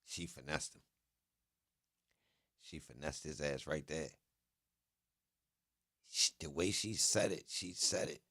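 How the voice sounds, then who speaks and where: A man giving casual reaction commentary, excitable and profane, using street slang and talking straight to his viewers. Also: very deep voice, slow, pauses often, breathy edge, dry recording, clean studio sound. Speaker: commentator reacting to court transcripts.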